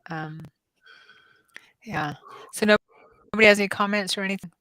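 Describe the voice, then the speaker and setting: A woman's voice: medium pitch, moderate pace, bright, forceful tone, dry recording, poor audio. A woman in her fifties hosting a casual livestream, telling stories with many ums and restarts. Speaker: psychic-medium host.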